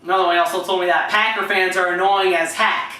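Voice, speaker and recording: A man's voice: high-pitched, fairly even intonation, fast talker, bright, forceful tone. A young man rambling through stories about his football team in a casual way, with restarts and bursts into impressions of his coaches. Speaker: vlogger telling team stories. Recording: echoey room, mic at a distance.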